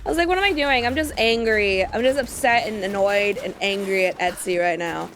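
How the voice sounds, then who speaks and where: A woman's voice: medium pitch, normal speed, slight background noise. Chatty young woman gamer, ranting. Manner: chatty, animated, laughing rants. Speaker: gaming streamer. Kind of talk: casual let's-play chat.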